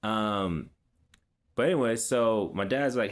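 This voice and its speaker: A man with a fairly low voice talks straight to his audience in a loose, casual vlog. He rambles with plenty of fillers and restarts and drops easy street slang as he goes. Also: expressive, a little slow. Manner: laid-back street slang. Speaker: vlogger. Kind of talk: casual personal storytelling.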